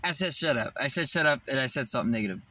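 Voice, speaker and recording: A young man vlogging outdoors beside his car, telling a rambling, excitable story and swearing freely. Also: medium pitch, racing. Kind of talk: casual vlog storytelling. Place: outdoors by a tree near his parked car.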